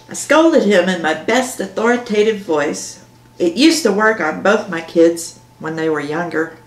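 A woman's voice: on the low side, measured pace. Woman reading her novel aloud. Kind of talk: audiobook narration. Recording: roomy echo.

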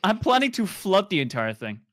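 A young man making dry, deadpan quips during a live game stream. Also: sits high, fairly quick, dry recording. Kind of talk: casual gaming chat on a live stream.

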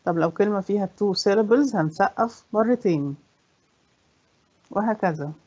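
A woman English teacher with an Egyptian accent, a native Egyptian Arabic speaker, explaining a lesson in Arabic and reading the English questions slowly. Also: mid-range voice, darkish tone, slightly rough. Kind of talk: bilingual classroom explanation. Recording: dull lo-fi recording.

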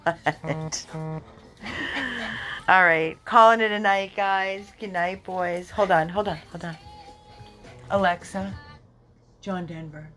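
A woman's voice: on the low side, steady tone, takes it slowly, pauses often, fairly bright tone, soft background music. A woman running a dog rescue, chatting casually to viewers and cooing at her dogs in baby talk. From Florida.

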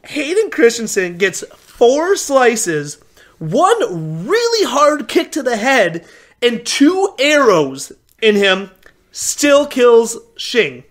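A man co-hosting a comedic movie podcast, wryly recapping scenes and quoting lines in a flat mock voice. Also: very high voice, drawn-out words. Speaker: podcast co-host. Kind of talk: casual comedic movie chat.

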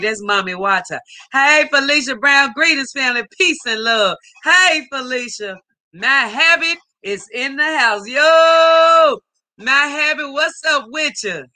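A woman's voice: on the high side, sharp tone. A woman hosting a live stream, upbeat as she greets viewers by name and reads their chat comments aloud. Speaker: livestream host.

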